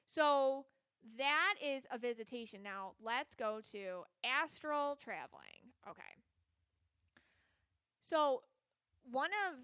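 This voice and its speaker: Woman podcast host and psychic reader, solo and casual, rambling and chatty, bright and smooth, dry close sound. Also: mid-range voice, no room sound. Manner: chatty, rambling, heavy with filler words.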